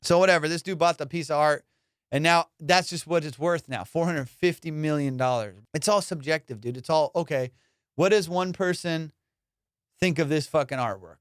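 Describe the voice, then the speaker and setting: A man hosting a comedy podcast, ranting in a casual, profane, animated way and slipping into mock voices. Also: fairly high pitch, moderate pace, smooth, no room sound, clean studio sound. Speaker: podcast host.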